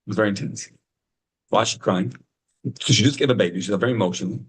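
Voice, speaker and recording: A man teaching an informal Torah class over a video call, telling stories with rising, excited emphasis. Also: normal speed, long pauses, slightly rough, rough recording. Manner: animated storytelling, rising to high excited emphasis.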